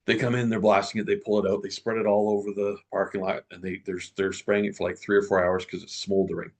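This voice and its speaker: A middle-aged man's low, husky voice with a gravelly edge. He tells his story as an interview guest, lively and animated, stumbling into quick restarts as he goes.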